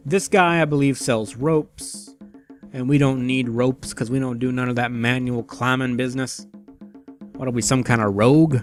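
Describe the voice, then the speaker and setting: A man commentating a game, with sarcastic, low-key asides. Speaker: let's play host.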